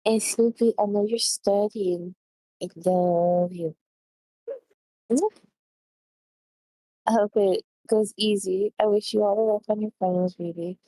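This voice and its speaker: A woman's voice: medium pitch, steady tone, a little slow, long pauses, mellow, no room sound, low-quality recording. A young adult woman who has just woken up, chatting affectionately and sleepily with friends on a stream. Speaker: guest friend on call. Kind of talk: casual chat.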